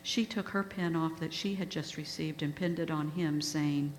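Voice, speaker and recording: Woman guest speaker, low voice, earnest storyteller, hall reverb. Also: fairly even intonation, moderate pace, few pauses. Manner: earnest, emotional retelling. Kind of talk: storytelling talk. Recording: echoey hall with faint hum.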